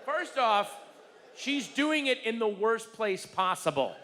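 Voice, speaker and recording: Exasperated comedian in a big theater. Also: male voice, sits high, very animated. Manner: rapid, exasperated storytelling with bursts of shouting. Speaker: stand-up comedian. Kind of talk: stand-up comedy routine. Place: large theater stage. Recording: reverberant theater with faint room noise.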